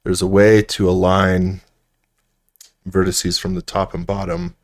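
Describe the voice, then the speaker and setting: A man's voice: deep voice, little pitch movement, measured pace. A man hosting a casual livestream tutorial, muttering to himself as he works and trailing off mid-sentence, with frequent self-deprecating laughs. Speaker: host modeling furniture in 3D software.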